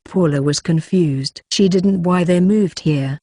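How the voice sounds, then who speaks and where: A woman reading a fantasy novel aloud in a steady, even storytelling manner. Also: on the low side, unhurried, few pauses, dry recording, studio quality. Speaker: audiobook narrator. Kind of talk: scripted narration.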